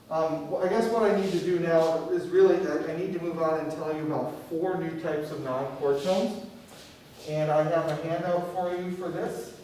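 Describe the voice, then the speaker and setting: A man's voice: on the high side, dark tone. Man teaching a class in an echoey room. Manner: questioning, checks in with students often. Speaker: music theory teacher. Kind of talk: classroom lecture. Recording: echoey classroom from far off, faint noise.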